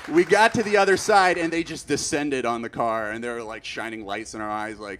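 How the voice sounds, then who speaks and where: Male stand-up, mid-pitched, rambling storyteller who escalates into panicked shouting; light background noise. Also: fairly quick, hardly any pauses. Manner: rambling, gets loud and frantic acting out panic. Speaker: stand-up comedian.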